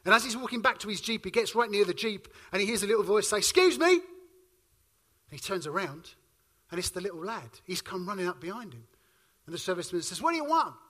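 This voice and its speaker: A man in his forties preaches with a high voice that has a bright, ringing edge. He tells his stories with energy and moves between booming lines and quiet, hushed ones. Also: quick pace. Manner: lively storyteller, shifting between loud and hushed. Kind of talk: sermon.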